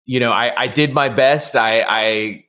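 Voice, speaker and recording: Relaxed man chatting in an interview. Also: mid-range voice, a little slow. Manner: relaxed, rambling, many fillers and restarts. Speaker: voice actor guest. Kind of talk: casual interview chat.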